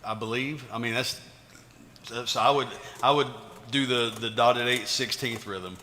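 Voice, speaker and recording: A man's voice: medium pitch, fairly even intonation, normal speed, long reverb tail, a little hiss or hum. A man leading an orchestra rehearsal, counting beats aloud and scatting rhythms to show how they go. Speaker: orchestra conductor. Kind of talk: rehearsal instruction. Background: loud orchestra playing.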